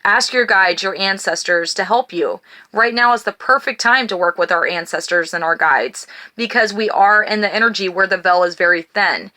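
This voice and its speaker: A bright-voiced woman giving a card reading. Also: medium pitch. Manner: reads blessings slowly, then talks warmly and emotionally to viewers. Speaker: tarot and oracle card reader. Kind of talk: spiritual card reading to viewers.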